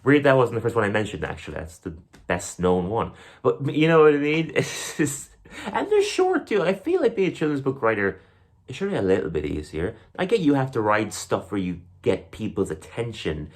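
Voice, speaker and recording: Very animated and brisk, with a voice on the low side, the young Irish comedian and podcast host rambles through his jokes and acts them out in silly voices.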